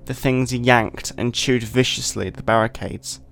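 A man hosting a podcast, giving a measured, deliberate dramatic reading of a short story. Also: mid-range voice, fairly even intonation, creaky, fairly bright tone, soft background music. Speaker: podcast host.

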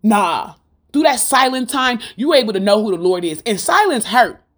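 A woman's voice: on the high side, sing-song, normal speed. A woman giving an informal Christian sermon in a fervent, rhythmic style. She repeats lines for emphasis and puts rhetorical questions straight to her listeners. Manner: fervent, preachy, rhythmic and repetitive. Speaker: Christian speaker.

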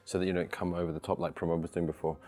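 Deep-voiced male martial arts instructor. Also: little pitch movement, racing, dark tone. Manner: patient, repeats cues in rhythm. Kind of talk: coaching a class.

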